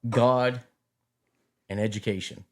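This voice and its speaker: A middle-aged man in casual chat, telling stories in an animated way and often repeating his words. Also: lowish voice, slow.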